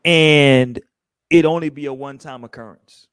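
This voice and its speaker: A man hosting a podcast, asking the panel questions and reading from the chat in a relaxed, slangy, joking way. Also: fairly high pitch, normal speed, smooth, dry recording, studio quality. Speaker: podcast host. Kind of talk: casual chat.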